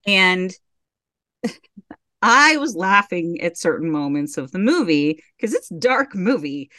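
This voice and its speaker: A woman's voice: on the low side, slow, no echo, clean studio sound. A woman co-hosting a podcast, telling a rambling personal story in casual chat. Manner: relaxed, rambling anecdotes with restarts. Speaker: podcast co-host.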